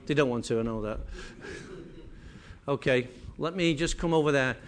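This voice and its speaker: A man's voice: medium pitch, moderate pace, a little hiss or hum. A man from Manchester with a Mancunian accent, giving a jokey, chatty presentation and teasing the people in the room. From Manchester, England. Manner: chatty, teasing, addresses audience directly. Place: meeting room with small audience.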